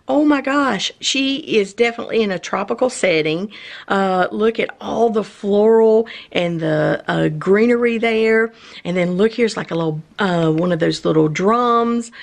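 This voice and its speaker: A woman hosting her own channel, unboxing collectible pins in a haul video, gushing and exclaiming with excitement. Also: medium pitch, vocal fry. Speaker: channel host.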